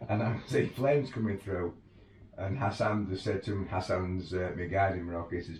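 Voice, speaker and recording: A tour guide with a very deep voice tells his stories in a chatty, easygoing way, with the odd laugh. He sits back from the mic, so the sound is roomy. A faint background ambience runs underneath. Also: moderate pace, a little mellow, far from the mic, a little hiss or hum. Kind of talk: casual anecdotal storytelling.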